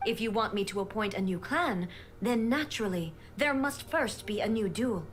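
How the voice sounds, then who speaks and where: An actress playing a stern, commanding female ruler in a game, speaking in a cold, formal and measured way. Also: medium pitch, a little hiss or hum, natural voice. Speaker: game character.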